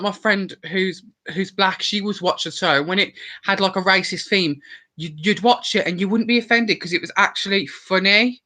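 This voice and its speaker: This Worcestershire-area man in his twenties, who hosts a channel, speaks to camera casually in a light Birmingham accent, cursing freely and full of opinions, all from England. He has a high-pitched, sharp voice on a rough recording.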